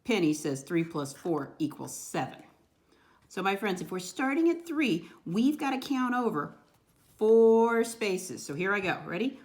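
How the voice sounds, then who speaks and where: Her medium-pitched voice carries reverb as she teaches little kids. She's animated and sing-songy, easing her pace whenever she spells a word one letter at a time.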